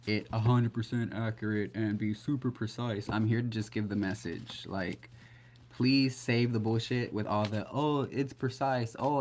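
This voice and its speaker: A man with a slightly low voice gives a loose live-stream tarot reading. He talks in a blunt, chatty way and swears freely. A faint hiss sits under his voice. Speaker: tarot reader.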